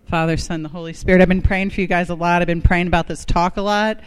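A woman's voice: fairly low pitch, steady tone, fast talker, hardly any pauses, smooth. A woman from Ohio, the guest speaker at a faith gathering, telling candid stories about herself and leading a short prayer. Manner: candid, self-deprecating storytelling.

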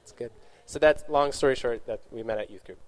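A man's voice: medium pitch, brisk, a little mellow. Man, casual personal testimony, rambling, self-correcting, youth talk. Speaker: youth speaker. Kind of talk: casual testimony to young adults.

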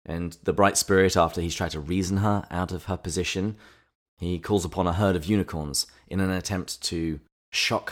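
Very deep-voiced man hosting a book podcast. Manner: summarizing and reflective. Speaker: podcast co-host. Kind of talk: casual book-discussion podcast.

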